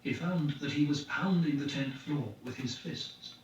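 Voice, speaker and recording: A man hosting a podcast, reading a novel aloud in a measured, dramatic narration. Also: on the high side. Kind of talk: audiobook narration. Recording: echoey, distant, dull lo-fi, faint hiss.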